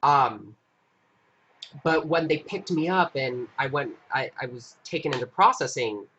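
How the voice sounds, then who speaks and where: A man with a bright, forceful voice tells a story on his live stream. He talks casually and earnestly, often stopping to restart his sentences as he goes. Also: medium pitch, expressive, muffled recording, slight background noise. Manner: earnest, halting recounting with frequent restarts.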